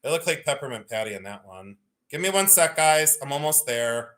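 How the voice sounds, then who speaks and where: A woman's voice: a bass voice, lively intonation, fairly quick. A middle-aged woman hosting a livestream sale, chatting casually and teasing herself as she shows old photos. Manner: chatty, self-mocking, playful. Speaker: livestream jewelry sale host.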